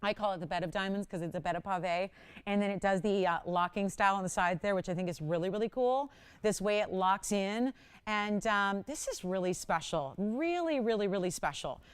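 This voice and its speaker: A woman's voice: mid-range voice, brisk, clear, resonant tone. A middle-aged woman hosting a live jewelry shopping show, chatty and self-mocking, laughing often as she talks up each piece. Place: TV shopping studio.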